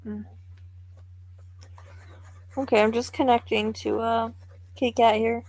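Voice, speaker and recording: A woman's voice: on the high side, flat delivery, unhurried, a little mellow, no room sound. A woman psychic medium giving a live reading, thinking aloud in a musing, tentative way.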